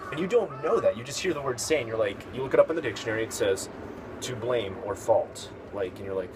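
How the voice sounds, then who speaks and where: Rambling low-voiced man with background noise. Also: lively intonation, fast talker. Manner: rambling, hesitant, many fillers and restarts. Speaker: video host. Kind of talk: casual storytelling commentary.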